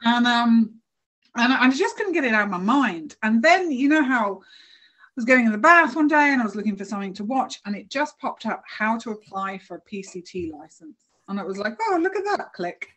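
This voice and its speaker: A woman guest telling a personal story in a casual interview, animated and laughing often as she acts out what people said. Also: a little high, normal speed.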